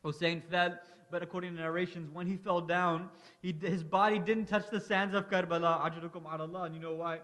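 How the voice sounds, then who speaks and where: A man's voice: high voice, level tone, brisk, a bit bright. A man reciting a mournful religious lament, impassioned, rising into anguished cries.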